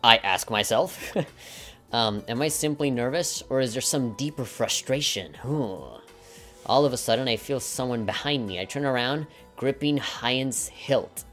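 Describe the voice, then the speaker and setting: A man's voice: medium pitch, animated, measured pace, a bit bright, faint music behind. A man playing a video game, reading its story text aloud and mocking it with sarcastic asides. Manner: sarcastic, mock-dramatic, chuckling asides. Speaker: let's play commentator.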